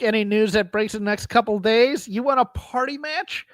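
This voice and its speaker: A man's voice: high voice, moderate pace, no echo. A man co-hosting a wrestling recap podcast, chatting casually with dry, sarcastic quips. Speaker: podcast co-host.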